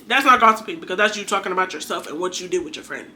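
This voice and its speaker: A woman's voice: mid-range voice, rapid-fire, hardly any pauses, bright, forceful tone. A young adult woman giving an earnest, chatty faith talk to her viewers, exhorting and conversational. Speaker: faith vlogger. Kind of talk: casual preachy monologue.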